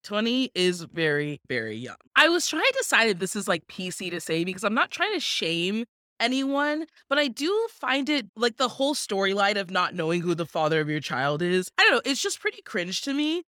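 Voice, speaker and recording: A woman's voice: medium pitch, sing-song, normal speed, pushed and bright, dry recording, clean studio sound. A young woman co-hosting a podcast in casual chat, giggly and effusive, saying "like" often. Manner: giggly, effusive, says "like" a lot. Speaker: podcast co-host.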